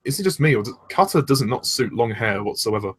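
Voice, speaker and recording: A young man chatting casually as a fan reviewer, relaxed and agreeable, steering the conversation. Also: medium pitch, fairly quick, breathy edge. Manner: relaxed, agreeable, leads the discussion. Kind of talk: casual chat.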